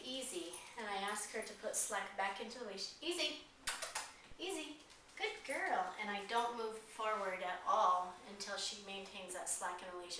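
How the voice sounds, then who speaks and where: A woman dog trainer explaining a training routine step by step in a calm instructional demonstration, pausing with frequent fillers. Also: mid-range voice. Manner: explains steps calmly, with frequent "um"s. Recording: very echoey, distant mic, faint noise.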